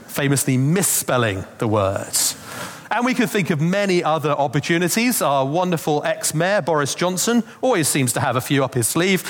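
Preacher with a lively voice. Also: male voice, fairly high pitch. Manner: conversational storytelling with asides. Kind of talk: Christmas sermon. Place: church. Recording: long reverb of a church hall.

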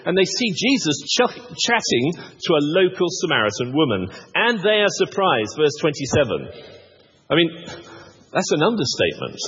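A man's voice: a little high, fairly bright tone, breathy edge. A man preaching a sermon, with wry, self-deprecating humor and frequent restarts. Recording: muffled sound with long hall reverb.

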